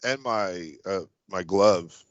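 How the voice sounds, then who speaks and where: Hesitant low-voiced male player, lo-fi. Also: takes it slowly, dry recording. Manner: hesitant, repeats words. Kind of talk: casual tabletop chat.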